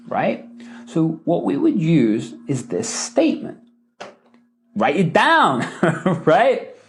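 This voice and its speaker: A man's voice: fairly high pitch, measured pace. A man hosting a live Q&A session, teaching persuasive phrasing and acting out example lines with emphasis, often chuckling and checking in with "right?" and "okay?". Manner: animated, acts out example lines with rising and falling emphasis; frequent "right?" and "okay?" tags, chuckles between points. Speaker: podcast host and coach.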